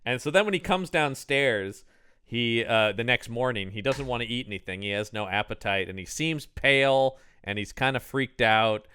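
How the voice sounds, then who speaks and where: A man co-hosting a podcast in casual chat about a movie, animated and jumping into put-on voices when quoting. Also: medium pitch, moderate pace, smooth, no echo. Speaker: podcast co-host.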